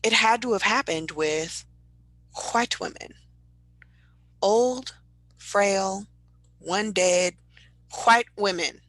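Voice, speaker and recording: A young woman co-hosting a podcast in casual chat, telling stories with animated bursts of high-pitched impressions. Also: drawn-out words, long pauses, no echo, low-quality recording. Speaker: podcast co-host.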